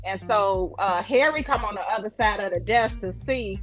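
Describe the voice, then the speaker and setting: A woman's voice: medium pitch, normal speed, a bit bright, faint music behind, low-quality recording. A woman co-hosting a podcast, recounting a TV plot in a laid-back, storytelling way. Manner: laid-back storytelling, drops into character voices. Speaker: podcast co-host. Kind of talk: casual show recap chat.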